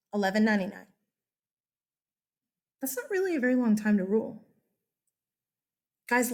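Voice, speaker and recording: A woman's voice: mid-range voice, darkish tone. A woman history teacher giving a casual, chatty lecture, correcting herself and asking her students questions.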